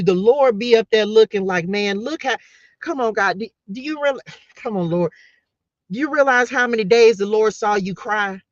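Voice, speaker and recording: Her voice is fairly high, and she runs a spiritual live stream with preacher-like fervor, repeating herself and calling out to listeners in a passionate pep talk. The audio sounds dull, dry and lo-fi.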